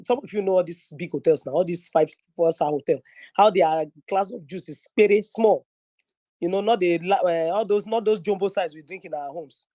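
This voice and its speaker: A young woman from northern Nigeria with a Nigerian English accent, telling a story in a lively, chatty way and slipping into pidgin. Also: on the low side, moderate pace, dry recording. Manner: animated, mixes pidgin, acts out quoted voices. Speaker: guest speaker in an online audio room. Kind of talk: casual storytelling. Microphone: phone or headset in an online audio room.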